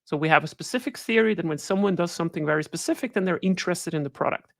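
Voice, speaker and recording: A woman's voice: fairly low pitch, very fast, creaky, dry recording. Dry, chatty woman giving a talk. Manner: conversational, keeps adding "right?" tag questions. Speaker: guest speaker. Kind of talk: webinar presentation.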